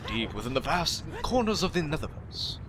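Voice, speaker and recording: A man's voice: fairly high pitch, very animated, normal speed, noisy background. A young man putting on a grand movie-trailer narrator voice, intoning in mock drama. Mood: mock-epic.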